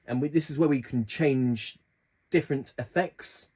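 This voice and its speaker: A man's voice: mid-range voice, measured pace, darkish tone, slightly rough. A man hosting a keyboard tutorial, talking casually through the settings with plenty of fillers and restarts. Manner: chatty, hesitant with fillers and restarts.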